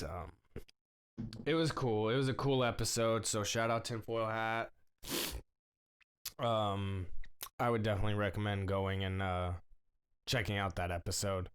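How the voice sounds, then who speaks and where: A young man hosting a podcast, talking slowly and haltingly in a casual solo monologue with many fillers. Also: fairly low pitch, smooth. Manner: slow, halting, emotional talk with many fillers. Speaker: podcast host.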